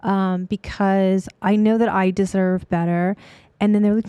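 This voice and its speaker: A middle-aged woman, a real estate agent hosting a casual chat, telling lively stories and often laughing. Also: medium pitch, measured pace, smooth, no room sound, highs cut off. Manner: animated storyteller, acts out quoted voices, laughs often.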